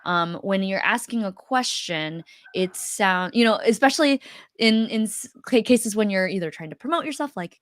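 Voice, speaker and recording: A woman's voice: mid-range voice, animated, normal speed, no echo, clean studio sound. A woman co-hosting a casual coaching chat, talking loosely with many fillers and restarts. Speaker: co-host.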